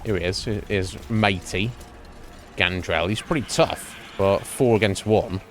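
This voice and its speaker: A man's voice: deep voice, unhurried, fairly bright tone, slight background noise. A man streamer giving casual gameplay commentary, chatty, laughing often, with lots of fillers.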